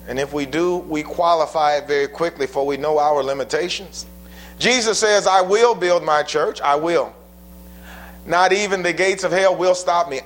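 High-voiced male preacher. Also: fairly bright tone, a little hiss or hum. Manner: preaching with quoted scripture, rising and falling emphasis. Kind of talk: sermon.

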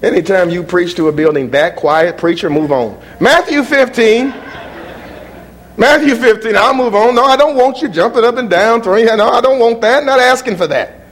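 A man preaching a sermon in an animated, mocking way, swinging from muttered asides to shouts. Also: high-pitched, moderate pace.

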